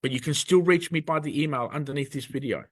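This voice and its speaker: A man's voice: on the high side, quick pace, dry recording. Angry rambling man. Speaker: video presenter. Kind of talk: ranting monologue to camera.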